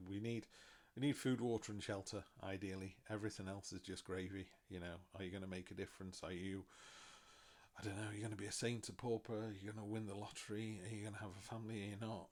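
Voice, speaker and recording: A middle-aged man giving a casual tarot reading, chatty and self-mocking, with animated asides. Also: lowish voice. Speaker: tarot reader.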